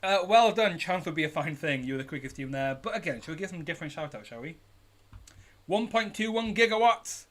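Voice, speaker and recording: A British man with a slightly high voice hosts a live online pub quiz. He keeps an upbeat tone as he reads out questions and shout-outs to teams, recorded at a home streaming setup. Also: expressive, a little fast. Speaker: quiz host.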